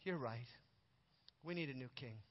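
A man's voice: fast talker, close to an everyday voice. A man voicing a weary, humbled young king. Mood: resigned. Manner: low, subdued and resigned. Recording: dull sound with long hall reverb.

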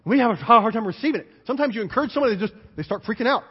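A man preaching a sermon as pastor, animated and emphatic, driving points home with repeated lists. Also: very high voice, racing, hardly any pauses, husky. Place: church sanctuary. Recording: dull, hall-reverberant church recording.

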